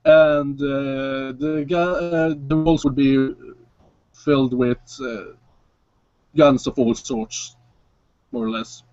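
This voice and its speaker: A man narrates a tabletop role-play as game master, talking casually and haltingly. His voice sits mid-range. The sound is dry and slightly dull. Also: medium pitch, fairly even intonation, darkish tone, no echo. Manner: casual, halting, with frequent fillers.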